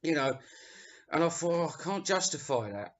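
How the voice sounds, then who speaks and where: A man's voice: fairly high pitch, expressive, moderate pace. A middle-aged man from England, telling rambling, sweary anecdotes as a music reviewer. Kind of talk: casual storytelling. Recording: dull lo-fi recording.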